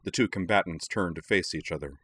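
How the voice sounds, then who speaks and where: A man narrating a story aloud in a steady, dramatic reading. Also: deep voice, a little fast, husky, dry recording. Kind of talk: audiobook reading of fan fiction.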